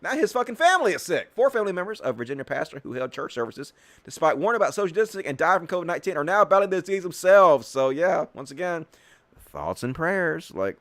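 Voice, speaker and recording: A male host giving profane, sarcastic political commentary, swinging between mutters and yells. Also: high-pitched.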